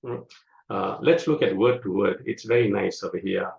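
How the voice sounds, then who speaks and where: A man teaching a scripture class, explaining slowly with many fillers. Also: lowish voice, creaky, a little mellow. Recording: echoey room, dull lo-fi sound.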